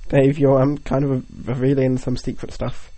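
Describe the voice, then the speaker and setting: A man's voice: medium pitch, little pitch movement, normal speed, warm tone, no echo. A young man co-hosting a podcast in casual chat, joking and acting out silly little scenes. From Britain. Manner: jokey, launches into goofy acted-out scenes. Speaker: podcast co-host.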